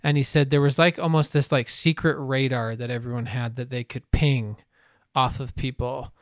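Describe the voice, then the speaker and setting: A man hosts a podcast, speaking casually and offering reassurance to his guest. His voice is mid-pitched and sounds dry and close. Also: fairly even intonation, normal speed, dry recording. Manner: supportive, reassuring. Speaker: podcast host. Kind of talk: casual interview talk.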